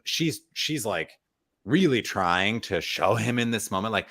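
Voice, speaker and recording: Lively low-voiced man recapping TV. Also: unhurried. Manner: animated, acts out quotes from the show. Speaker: co-host. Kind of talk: casual TV recap chat.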